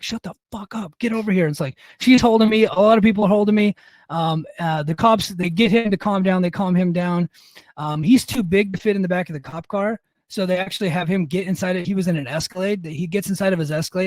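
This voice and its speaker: A man's voice: a little high, dry recording. Middle-aged guy on a podcast rambling through a sweary story, dry close sound. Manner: profane, rambling anecdote with many restarts. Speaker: podcast host. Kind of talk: casual storytelling.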